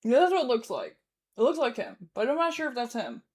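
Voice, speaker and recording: A woman's voice: fairly high pitch, very animated, fast talker, breathy edge. A woman hosting a casual reaction livestream, rambling and correcting herself, laughing easily. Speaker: streamer host.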